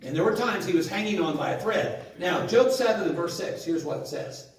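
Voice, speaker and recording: A male preacher delivers his sermon in a plain, conversational way, putting questions to the congregation. His voice sits a little high. The sound rings around a very reverberant church hall and reaches the mic from some distance. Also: lively intonation, fairly quick, gravelly. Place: church sanctuary.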